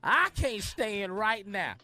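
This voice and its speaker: A man's voice: sits high, very animated, takes it slowly, sharp tone. A man, a regular on a radio show, rambling through a comic rant with chuckles.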